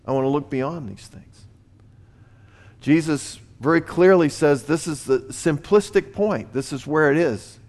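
A man's voice: on the high side, a little slow. Earnest man preaching a sermon. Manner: earnest preaching that swells louder on key points. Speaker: pastor.

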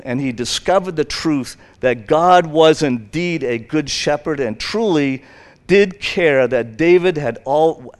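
Male preacher, slightly higher voice, loose conversational sermon with lots of fillers. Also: smooth. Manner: rambling and conversational, many fillers, acts out quotes. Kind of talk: informal sermon retelling a Bible story.

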